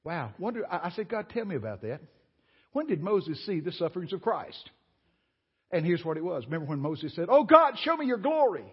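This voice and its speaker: The man's voice is on the high side and brisk, with a breathy edge and a long reverb tail. He's a guest speaker in a church sanctuary, preaching to the congregation through lively, folksy, exclamatory storytelling, all on a dull lo-fi recording.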